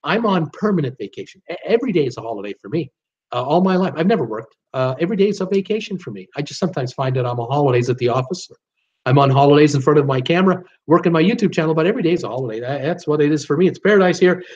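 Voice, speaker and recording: A man's voice: a little high, animated, very fast, a little mellow, lo-fi sound. An older man hosting a live stream, chatting casually as he reads viewer comments aloud. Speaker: host of a live cruise Q&A stream.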